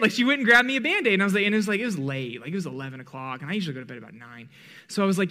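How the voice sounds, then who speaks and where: A man's voice: lively intonation, rapid-fire, sharp tone. Rambling, joking male worship leader. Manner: rambling, self-deprecating and humorous, many "like" fillers and restarts; acts out quoted lines with big pitch jumps. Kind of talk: storytelling before a song in a church service.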